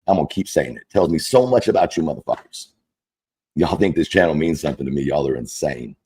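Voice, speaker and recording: A man's voice: extremely low pitch, animated, fast talker, mellow, breathy edge. A man delivering an angry, profane, mocking rant as a content creator. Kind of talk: angry ranting monologue.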